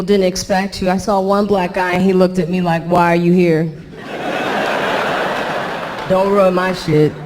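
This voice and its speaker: Woman comic doing stand-up, dry chatty delivery, handheld mic, loud club crowd noise behind. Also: medium pitch. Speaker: stand-up comedian. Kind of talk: stand-up comedy routine. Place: comedy club stage. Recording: live club with audience noise.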